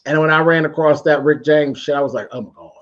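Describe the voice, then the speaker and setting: A man's voice: fairly high pitch, steady tone, quick pace. Sassy drawling man, lo-fi sound. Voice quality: sassy, drawling, peppered with endearments. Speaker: host of an online chat. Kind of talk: casual chat.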